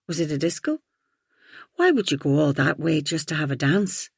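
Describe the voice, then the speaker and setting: A woman narrating a first-person audiobook thriller in an even, reflective storytelling manner. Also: deep voice, normal speed, gravelly, breathy edge, no echo, clean studio sound.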